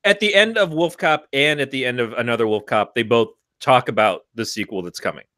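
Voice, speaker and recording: A man's voice: medium pitch, brisk, sharp tone, no echo, rough recording. A man co-hosting a podcast, recounting a movie scene in casual, profane chat. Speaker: podcast co-host.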